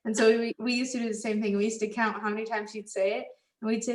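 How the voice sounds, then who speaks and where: A woman student telling lively stories in an online class discussion. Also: on the high side, fast talker. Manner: animated storytelling. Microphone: video call. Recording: roomy video-call audio.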